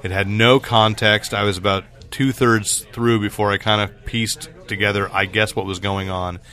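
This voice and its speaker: Bright-voiced man chatting about comics. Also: fairly low pitch. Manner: animated, jokey, quick asides. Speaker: podcast co-host. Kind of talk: casual comic book chat.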